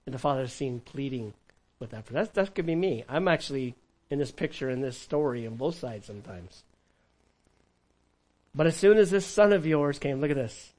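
A man preaching a sermon in a church, shifting from lively emphasis to hushed, conversational asides. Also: mid-range voice, normal speed, poor audio. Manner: animated, conversational preaching with sudden drops to a hush. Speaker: pastor.

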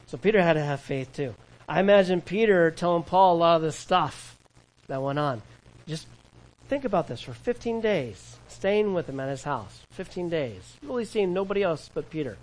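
Animated, conversational male preacher. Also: high-pitched, normal speed, low-quality recording. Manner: animated, conversational preaching with laughs and imagined dialogue. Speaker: pastor. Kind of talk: sermon.

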